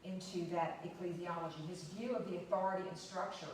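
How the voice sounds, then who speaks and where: A woman's voice: fairly low pitch, fairly even intonation, brisk, slight background noise. Woman lecturing in an echoey church hall. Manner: unscripted, with fillers and restarts, stressing key words. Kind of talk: church history talk. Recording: very echoey, distant room recording.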